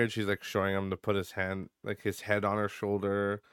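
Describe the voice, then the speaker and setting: A man's voice: lowish voice, monotone, brisk, a bit bright, clean tone, no echo. A young adult man hosting a casual solo podcast, ranting with frequent swearing and lots of filler words into a close mic. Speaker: podcast host.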